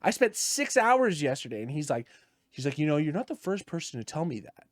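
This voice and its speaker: A man on a casual gaming podcast ranting through a story with plenty of swearing. His voice sits a bit high for a man. The sound is dry and close, with no room echo. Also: fast talker. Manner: ranting, profane, animated storytelling. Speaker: podcast co-host.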